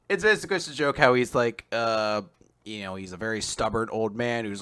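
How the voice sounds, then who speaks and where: A lowish, clean-toned male voice moves a little fast in this relaxed manga recap podcast he co-hosts. Lively throughout, he recounts scenes and jumps into exaggerated impressions of the characters.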